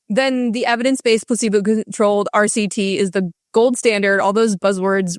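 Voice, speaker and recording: A woman guest in a candid interview, talking with passion and emphasis, in rushes with many restarts. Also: mid-range voice, no echo, clean studio sound. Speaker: guest author.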